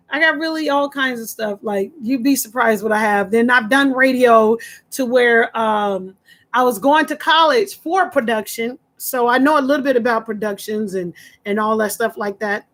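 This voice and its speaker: Animated high-voiced woman telling a story. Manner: animated, acts out quoted voices with big pitch jumps. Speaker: former radio host. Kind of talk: casual storytelling to camera.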